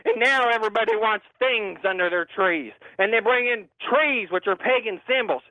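A man's voice: high-pitched, normal speed, sharp tone, no echo. A man doing a ranting zealot preacher. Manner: blustery, repeats "I'm gonna tell you what", mangles words. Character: fanatical older male street preacher, ranting. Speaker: caller. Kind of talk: comedy radio call-in bit. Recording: tinny phone line.

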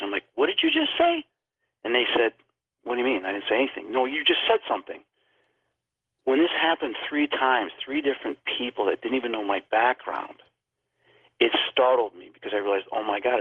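A man's voice: on the low side, slightly rough, no echo. A man telling a paranormal story as a guest on a talk show, acting out the people he quotes. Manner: animated, acts out quoted dialogue. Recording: phone-line sound.

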